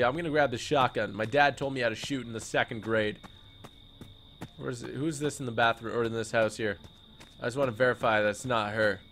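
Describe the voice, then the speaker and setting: A young man streaming a game, chatting casually and excitably, joking and repeating words in bursts. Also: mid-range voice, slight background noise. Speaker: gaming streamer. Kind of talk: casual live-stream commentary.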